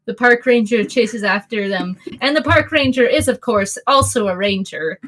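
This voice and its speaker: A woman playing a tabletop game, excitable and giggly, often stumbling over her words. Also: a little high, normal speed. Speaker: player.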